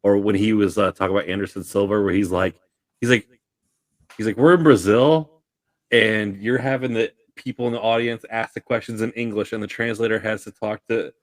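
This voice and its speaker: A man's voice: on the low side, little pitch movement, brisk, no room sound. A man co-hosting a podcast, chiming in with quips in a laid-back manner. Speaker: podcast co-host. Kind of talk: casual podcast banter.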